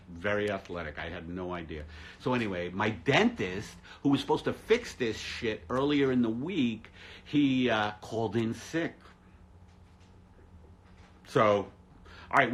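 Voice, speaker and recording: A male comedian hosting a livestream from his apartment, rambling through a sardonic monologue with deadpan gloom. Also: lowish voice, a little hiss or hum. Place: at home in an apartment.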